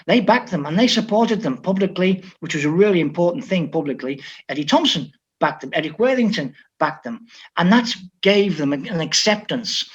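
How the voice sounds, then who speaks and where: Older man from Liverpool, higher-pitched, dull audio. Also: moderate pace, slightly rough. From Liverpool, England. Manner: animated, anecdotal, frequent restarts. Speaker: football coach, guest. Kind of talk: storytelling interview talk.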